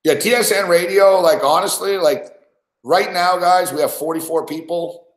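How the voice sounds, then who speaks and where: A podcast host with a voice that sits high speaks at a moderate pace in a room with noticeable echo. He laughs often while telling a rambling, profane story in casual conversation.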